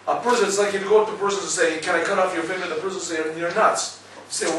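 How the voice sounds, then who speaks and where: A man's voice: sits high, very fast, far from the mic, a little hiss or hum. Man teaching a class in an echoey room. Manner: storytelling, lively, asks listeners "right?". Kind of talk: Torah class lecture.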